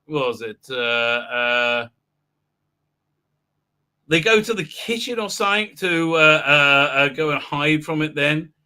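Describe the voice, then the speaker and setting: A man rambles through a live-stream commentary, full of fillers and sarcastic asides. His voice sits a bit high and sounds very bright and sharp. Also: smooth. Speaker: host.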